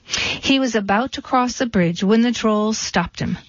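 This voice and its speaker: Woman narrator, deadpan storybook reading, a bit high; dull, dry recording. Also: measured pace, no room sound.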